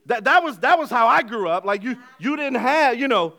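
Middle-aged male pastor, high-pitched, conversational sermon delivery with acted-out asides. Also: expressive, fairly quick, hardly any pauses. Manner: conversational preaching, swings from loud emphasis to quiet asides; acts out little dialogues in everyday voices.

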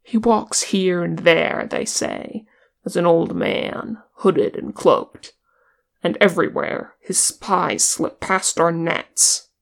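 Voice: medium pitch, steady tone, takes it slowly, creaky. A reader voicing a proud, suspicious male horse-lord captain with a guarded, bitter manner in an audiobook. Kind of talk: audiobook character reading.

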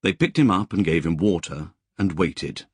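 Deep, husky male audiobook narrator. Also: no room sound, studio quality. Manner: measured storytelling, voices Australian bush characters. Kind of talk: scripted narration.

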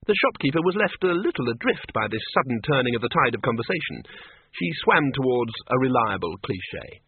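Man narrating a storybook, wry and expressive, lively pitch, tinny phone-like sound. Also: fairly quick, slightly rough, dry recording. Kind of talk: audiobook narration. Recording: dry, tinny phone-like audiobook.

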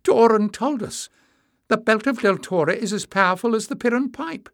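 A man's voice: moderate pace, vocal fry, no room sound, studio quality. A man reading aloud, voicing a young man who pleads urgently with his mother in a storybook. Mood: pleading. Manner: high, urgent outbursts. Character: young woman-hearted piper's son, pleading and earnest.

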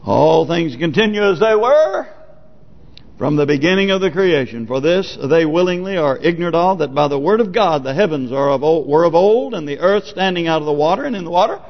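A man preaching a sermon with passion, rising to loud cries and dropping to low murmurs. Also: animated, fast talker, hardly any pauses, big-room sound, highs cut off. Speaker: pastor.

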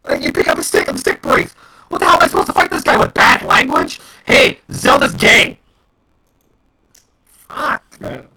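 Angry podcast co-host; high, gravelly, sharp voice; swears through heated rants. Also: male voice, huge pitch swings, normal speed, pauses often, rough recording. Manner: heated, profane ranting. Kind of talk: casual gaming podcast chat.

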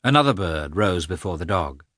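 A man narrates a classic novel in a low but bright voice. His reading rises and falls widely and lifts sharply for the characters' shouts. The sound is dry and close, with no room around it. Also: moderate pace, breathy edge, no echo. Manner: reads with lively, expressive inflection, lifting pitch for characters' shouts. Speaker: audiobook narrator. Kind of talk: scripted narration.

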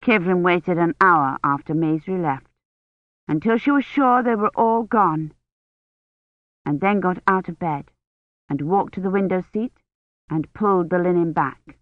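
A woman reading a novel aloud in steady, even scripted narration. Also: fairly low pitch, unhurried, long pauses, no room sound. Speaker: audiobook narrator. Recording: tinny phone-like sound, dry.

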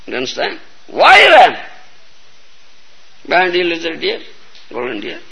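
A man's voice: high-pitched, huge pitch swings, moderate pace, creaky, pushed and bright, husky, poor audio. A man giving a storytelling sermon, often checking whether listeners understand. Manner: storytelling lecture, repeatedly asking "You understand?". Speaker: spiritual teacher.

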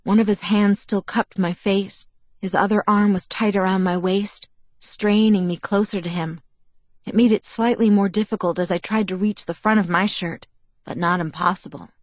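A woman narrating a first-person novel in a steady, intimate storytelling manner. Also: mid-range voice, dry recording. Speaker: audiobook narrator.

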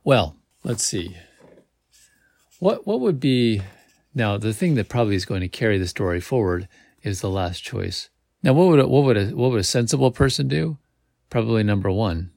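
Male host, low gravelly voice, reading a gamebook aloud and musing over the choices. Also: expressive, normal speed, a little mellow, dry recording, studio quality. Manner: thinks aloud between chapters. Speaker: podcast host.

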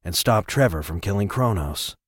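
A man reading an audiobook, voicing a serious soldier who speaks low, calm and firm. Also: moderate pace, breathy edge, dry recording, studio quality. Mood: steady.

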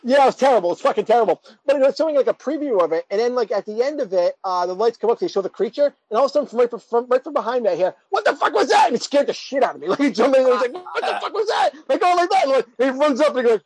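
A woman who talks fast and a little high, rattling off anecdotes and swearing casually. Her voice is close and dry. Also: no room sound, low-quality recording. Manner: fast, lively storyteller, swears freely. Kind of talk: casual group chat.

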